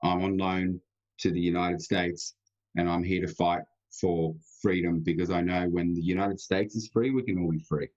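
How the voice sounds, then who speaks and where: A man's voice: low voice, steady tone, moderate pace, a little mellow. A man with an Australian accent, a guest on a live online show, talking earnestly and emphatically. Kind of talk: casual live-stream chat. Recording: dull lo-fi sound.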